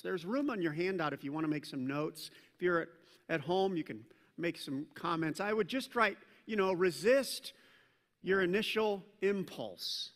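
A man preaching a sermon as pastor, animated in his storytelling, acting out scripture voices, and dropping self-deprecating asides. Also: a little high, long reverb tail.

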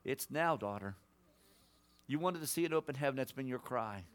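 A man preaching a prophetic sermon as a guest, swinging between loud exhortation and hushed personal words to listeners he calls son and daughter. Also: mid-range voice, lively intonation, normal speed. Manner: addresses listeners directly as son, daughter, brother.

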